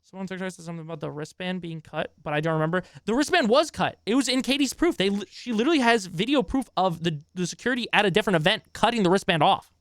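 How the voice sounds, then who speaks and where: A man's voice: high voice, quick pace, hardly any pauses, fairly bright tone, no room sound, studio quality. A man streaming a reaction video, ranting in an exasperated, profane way and chatting with his viewers in between. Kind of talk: live-stream reaction commentary.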